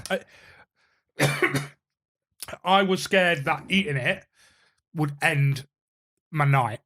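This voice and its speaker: A man with a somewhat high voice co-hosts a podcast in loose, casual chat. He talks excitably, swears freely and slips into jokey rants. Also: extremely slow. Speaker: podcast co-host.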